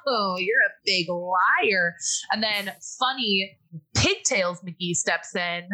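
A woman with a bright, clear-toned voice recaps a movie for her co-hosts in relaxed conversation. She is chatty, laughs easily and slips into quick impressions of the characters. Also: medium pitch, low-quality recording. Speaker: podcast host recapping a movie. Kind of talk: casual chat.

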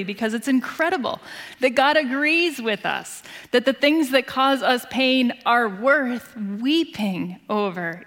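A woman pastor preaching a sermon in an earnest, expressive storytelling manner, dropping to a hushed voice at tender moments. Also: a little high. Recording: long hall reverb.

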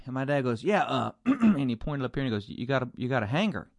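A male pastor chatting casually, animated and expressive as he tells stories. His pitch moves around a lot, with many rises and falls. The sound is dry and close, with no room echo. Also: fast. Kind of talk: casual podcast conversation.

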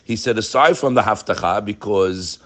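A man giving an animated Torah class, fervent and full of rhetorical questions. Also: on the low side, normal speed. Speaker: Torah teacher.

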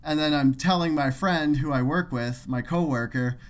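A man's voice: fairly high pitch, moderate pace. A young man co-hosting a podcast, telling stories in casual, profane banter. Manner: animated, profane storyteller. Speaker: podcast co-host.

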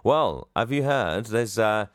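A man's voice: on the low side, lively intonation, slow pace, dry recording. Cheeky man, dry close sound. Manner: cheeky, sweary, laughs often. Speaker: podcast co-host. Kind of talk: casual comedic banter.

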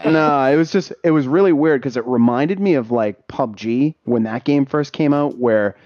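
A Boston man with a mid-range voice co-hosts a casual podcast, telling stories at a moderate pace on a dry recording from a dull lo-fi mic. He's an animated storyteller who swears and acts out the voices of what people said.

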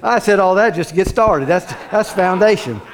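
High-voiced fervent male preacher. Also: animated, moderate pace, crowd noise. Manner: fervent, repetitive, rising to shouts. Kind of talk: sermon.

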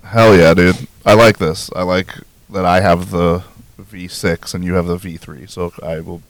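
A man's voice: low voice, steady tone, measured pace, no room sound. A man hosting a comedy podcast, talking in a casual, rambling, laid-back way. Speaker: podcast host.

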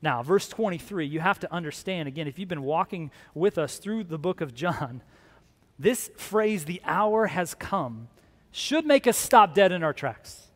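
A man preaching a lively sermon to a congregation, acting out other people's voices. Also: on the high side, a little slow. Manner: animated, acts out voices of disciples. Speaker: pastor. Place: large room with a congregation. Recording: long hall reverb.

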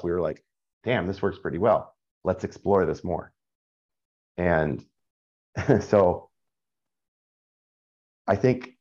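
A man's voice: sits low, a little mellow, breathy edge. A middle-aged man telling a candid personal story in a rambling, casual way, full of fillers and swearing. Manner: rambling, frequent fillers and profanity. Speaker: caller sharing a personal story. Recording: dull lo-fi sound.

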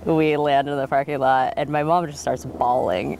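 A woman in her thirties from Oregon, telling stories in an oral history interview, animated, with frequent laughs and fillers. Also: deep voice, normal speed, few pauses, a little hiss or hum. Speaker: interviewee, winemaker.

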